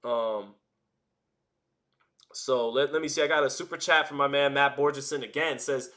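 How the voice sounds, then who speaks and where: A man hosting a live stream, giving casual, rambling commentary in an animated way, with frequent restarts and fillers. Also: on the high side, measured pace, pauses often. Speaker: boxing commentator and livestream host.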